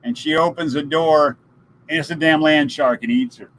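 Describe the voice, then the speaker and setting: A man's voice: on the high side, fairly even intonation, moderate pace, background noise. A middle-aged man hosting a casual live stream, joking and telling stories. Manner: jokey, storytelling, laughs at his own puns.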